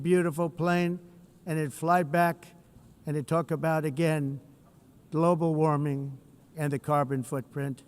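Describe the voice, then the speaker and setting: A man delivers a head-of-state address with a combative, boastful edge, his voice pitched a little high for a man. He keeps breaking away from the script into rambling asides and hammers his points home by repeating them. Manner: digressive, slips from script into off-the-cuff remarks. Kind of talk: formal political speech with ad-libbed asides.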